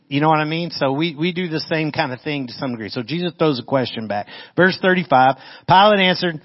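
A man's voice: fairly high pitch, fairly quick. Conversational male pastor, lo-fi sermon audio. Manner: conversational, asks the audience questions. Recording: dull lo-fi audio.

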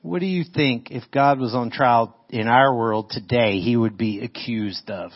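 At a measured pace, a pastor with a medium-pitched voice preaches a sermon in a conversational way, often putting questions to his listeners. The audio is dull and lo-fi.

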